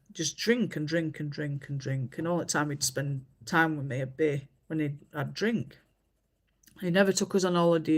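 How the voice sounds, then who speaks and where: A woman, chatting casually on a livestream and telling stories with many fillers. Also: low voice. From England. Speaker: livestream host. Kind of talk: casual chat while colouring.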